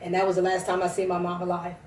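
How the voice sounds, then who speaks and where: A woman, a prophetess broadcasting a service, gives a teary personal testimony that rambles and keeps restarting. Her voice is lowish, monotone, rapid-fire, and a little mellow, picked up in a roomy space far from the mic.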